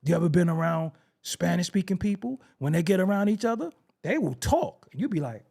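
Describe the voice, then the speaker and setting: A New man hosting a podcast, his voice sitting notably high for a man. He rants in fired-up commentary, repeating lines for emphasis and throwing out pointed rhetorical questions. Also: lively intonation, fairly quick, vocal fry, dark tone, breathy edge. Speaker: podcast host. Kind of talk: heated opinion commentary.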